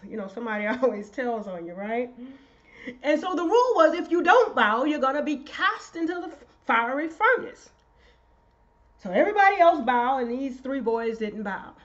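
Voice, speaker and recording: High-voiced woman preaching with fervor. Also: moderate pace, highs cut off. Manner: excitable preaching, rising to shouts. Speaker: pastor. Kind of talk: sermon.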